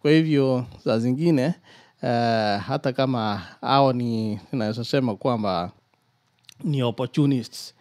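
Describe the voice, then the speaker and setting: A man giving deliberate political commentary over a remote call, switching between Swahili and English. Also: mid-range voice, a little mellow. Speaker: guest commentator.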